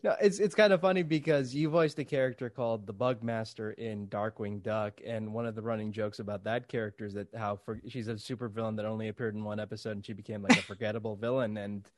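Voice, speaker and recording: A man hosting an interview podcast, chatty and excitable, laughing often and restarting his sentences. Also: lowish voice, quick pace, few pauses, dry recording, clean studio sound. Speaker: podcast host. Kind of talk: casual interview chat.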